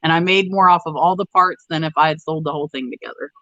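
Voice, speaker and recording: Bright chatty woman hosting a livestream. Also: low voice, quick pace, dry recording, highs cut off. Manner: rambling, chatty, reads out viewer comments. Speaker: livestream host. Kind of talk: casual live chat.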